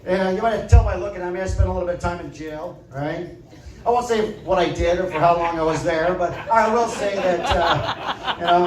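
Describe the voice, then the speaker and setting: A man performing a stand-up comedy set in a club, telling deadpan stories and tagging lines with "right?". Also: sits high, far from the mic. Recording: echoey club audio from afar.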